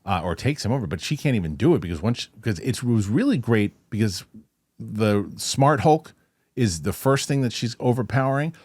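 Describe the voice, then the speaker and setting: A man's voice: on the low side, expressive, normal speed, a little mellow, husky, dry recording. A man hosting a casual film review chat, rambling with restarts and acting out movie lines. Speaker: host.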